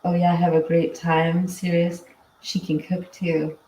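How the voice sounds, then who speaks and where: A woman's voice: fairly low pitch, flat delivery, measured pace, mellow. A woman hosting a casual livestream, chatting and reading viewer comments with frequent laughs. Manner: chatty, laughs often, tired and winding down. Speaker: livestream host. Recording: echoey room, mic at a distance.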